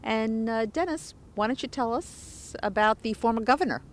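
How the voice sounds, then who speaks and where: A woman's voice: on the high side, moderate pace, slight background noise. A woman, as interviewer, gives a brief conversational introduction to her guest. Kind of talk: on-location introduction.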